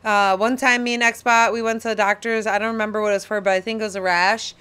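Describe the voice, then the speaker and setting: A woman co-hosting a podcast, chatting casually and telling stories in a blunt, animated way. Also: medium pitch, fast talker, smooth. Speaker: podcast co-host. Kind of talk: casual chat.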